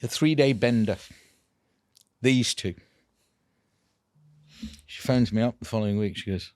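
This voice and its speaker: A man, a dental implant clinician telling a patient story in a casual, animated way, laughing often. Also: on the low side, a little slow, pauses often, no room sound, clean studio sound.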